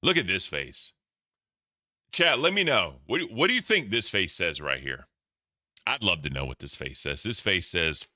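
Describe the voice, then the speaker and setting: A man's voice: low voice, very animated, moderate pace, bright, forceful tone, no echo, clean studio sound. A man reacting to clips for his stream chat in casual, profane commentary. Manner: profane, laughing, talks to chat.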